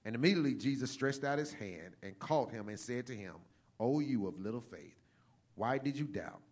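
A man preaching a sermon, reading scripture slowly and then building to a fervent, rising cadence with repeated phrases. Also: mid-range voice, expressive, a little mellow.

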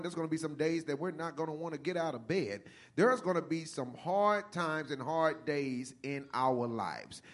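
A man delivers a sermon in a voice pitched a little higher than most men's. He reads scripture in a slow, measured way, then preaches with a rising, fervent cadence. He leans on repeated phrases for emphasis.

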